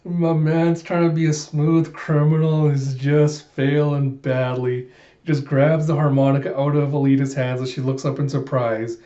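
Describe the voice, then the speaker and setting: A man casually retelling a comic, animated, often laughing and saying "you know". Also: on the high side, normal speed. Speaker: comic readthrough host. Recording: roomy and dull.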